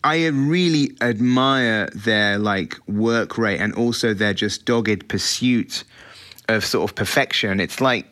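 A man's voice: fairly low pitch, slow, fairly bright tone. A middle-aged British man, a film director, answering interview questions in a chatty, reflective way with frequent restarts.

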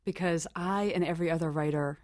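Fast-talking low-voiced woman guest. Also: fairly even intonation, darkish tone, no echo, studio quality. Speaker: guest author. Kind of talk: radio panel discussion. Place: radio studio.

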